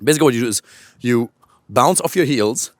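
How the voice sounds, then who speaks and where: A male coach giving an energetic, animated instructional talk to camera outdoors in a park. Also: medium pitch, brisk, no echo, studio quality. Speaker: dating and voice coach.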